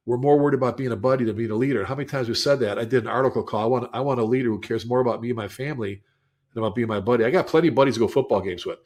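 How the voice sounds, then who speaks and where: A man's voice: mid-range voice, racing. A man co-hosting a fire service podcast, telling stories emphatically and repeating key phrases to drive them home. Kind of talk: conversational podcast talk.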